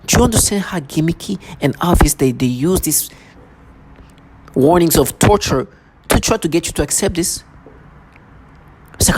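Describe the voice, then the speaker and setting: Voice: expressive, moderate pace, long pauses, very noisy. Agitated vlogger in a rambling monologue. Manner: intense, repetitive, mimics others in a lower voice.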